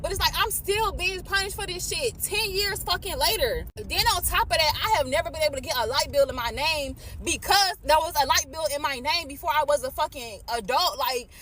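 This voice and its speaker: A woman's voice: sits high, lively intonation, fairly quick, few pauses, fairly bright tone, slight background noise. A woman in her twenties venting about a personal grievance, swearing, frustrated and holding back tears. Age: 20s. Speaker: vlogger. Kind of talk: emotional vent.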